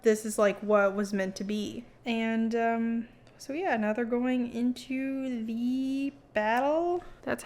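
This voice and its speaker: Brief: young woman book vlogger, chatty and filler-heavy, fairly high voice, slow pace. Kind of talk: casual book summary vlog.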